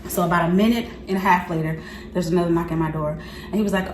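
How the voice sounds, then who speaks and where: A young woman vlogger telling a story to her viewers in a slangy, animated, chatty way, often laughing. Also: lowish voice, fast talker, roomy sound, noisy background. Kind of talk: casual storytelling to camera.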